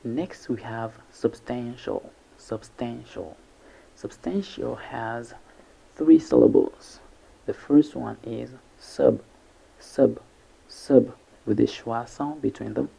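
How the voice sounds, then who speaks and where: A man teaching an English pronunciation lesson, slowly and deliberately repeating each syllable. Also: medium pitch, vocal fry, warm tone, husky. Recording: dull lo-fi recording.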